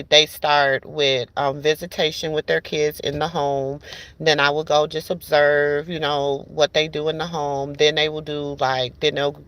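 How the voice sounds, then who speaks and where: Gravelly-voiced woman telling stories casually. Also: low-pitched, fairly bright tone, no echo. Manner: chatty, addresses listeners as "y'all" and "baby", many restarts. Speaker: podcast host. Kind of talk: casual storytelling chat.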